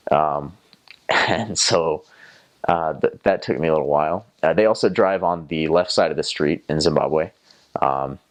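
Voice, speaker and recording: A young man from North Carolina with a Southern American accent, chatting casually about his time as a missionary and slipping into playful accent imitations. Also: extremely low pitch. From North Carolina, USA. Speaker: returned missionary. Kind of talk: casual storytelling.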